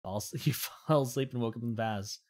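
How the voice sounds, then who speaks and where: A woman's voice: very deep voice, brisk, darkish tone. A young woman streaming a game, chatting casually and explaining the story in a rambling way. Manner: chatty, rambling, reads game text aloud.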